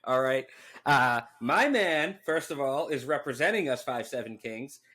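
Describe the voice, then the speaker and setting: A man's voice: medium pitch, measured pace. A young man co-hosting a podcast, swearing often and laughing through casual chat. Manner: profane, animated, laughs a lot. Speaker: podcast co-host.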